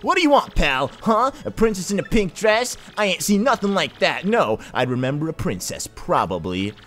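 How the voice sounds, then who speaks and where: Man playing a surly little mushroom guy, brusque, voice bouncing high and low. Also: very animated, moderate pace, a bit bright, faint music behind. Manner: brusque, rude.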